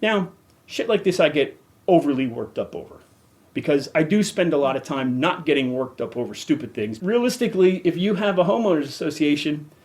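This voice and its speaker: A man's voice: on the high side, expressive, a little fast, a little mellow. A middle-aged man hosting a podcast, ranting angrily and cursing heavily. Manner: profane, heated, emphatic. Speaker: podcast host. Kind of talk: angry rant.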